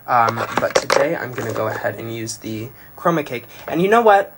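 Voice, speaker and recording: Lively, chatty man doing a makeup livestream. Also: medium pitch, brisk, very noisy. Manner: chatty, rambling, playful, self-deprecating. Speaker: drag performer doing a makeup tutorial. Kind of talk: casual livestream makeup tutorial. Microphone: phone livestream.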